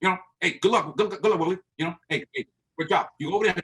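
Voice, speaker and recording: A man doing an impression of a bossy older team owner, talking in quick, clipped, repeated bursts. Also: high-pitched, a bit bright, distant mic, voice pushed up. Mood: brusque cheer.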